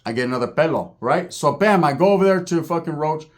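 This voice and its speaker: A man's voice: fairly high pitch, expressive, fast. A middle-aged man casually telling a profane prison-life story, acting out the people he quotes. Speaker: storyteller guest.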